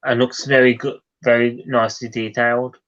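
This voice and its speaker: A man's voice: mid-range voice, little pitch movement, moderate pace, fairly bright tone, muffled recording. A man speaking as a guest on a casual gaming podcast, stammering and repeating words.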